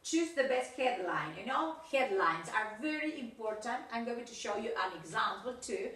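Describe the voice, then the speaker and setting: Bright-voiced teacher in an echoey room. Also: female voice, fairly high pitch, animated, moderate pace. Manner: talks through exercises with frequent "yes, okay?" checks. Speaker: English teacher. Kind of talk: recorded video lesson. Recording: echoey room, far from mic.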